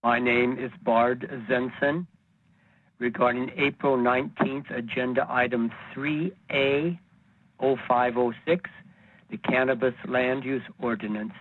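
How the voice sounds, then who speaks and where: A man's voice: medium pitch, steady tone. Formal older man on a phone line. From Northern California. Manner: formal and measured. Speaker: caller giving public comment. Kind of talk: read prepared statement.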